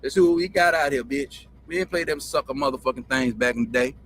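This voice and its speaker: He's the host of his own show, a man with a Southern country drawl telling stories off the cuff, cursing, meandering and repeating lines. His voice is medium-pitched and a bit bright, he talks fast, and the recording has no echo.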